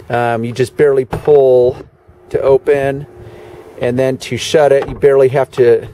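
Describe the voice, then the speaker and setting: A man's voice: mid-range voice, mellow, a little hiss or hum. A man giving a casual, chatty walkaround of a luxury car as a car detailer, with dry sarcastic asides. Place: in and around a parked car.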